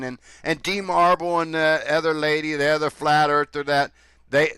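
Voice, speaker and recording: Scornful man with a bright, crisp voice. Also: on the high side, dry recording. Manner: scornful, sarcastic. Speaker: commentator reacting to clips. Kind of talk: critical commentary.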